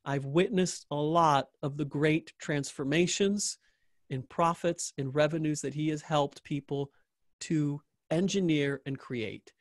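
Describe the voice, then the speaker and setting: A man's voice: on the high side, a little slow, no room sound, studio quality. A man hosting an interview, wrapping up with an enthusiastic, joking endorsement of his guest, often repeating phrases for emphasis. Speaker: interview host.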